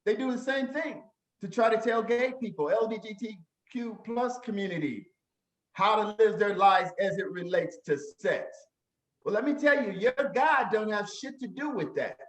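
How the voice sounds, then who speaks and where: A man's voice: sits high, moderate pace, a bit bright. A man hosting a talk show, speaking bluntly and crudely in casual chat. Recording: echoey room.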